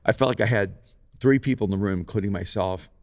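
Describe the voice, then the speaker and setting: Thoughtful male podcast host, low voice, dry close sound, lots of restarts. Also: fast talker, dry recording. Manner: thoughtful, many restarts and repeated words. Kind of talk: reflective storytelling in casual conversation. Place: podcast studio.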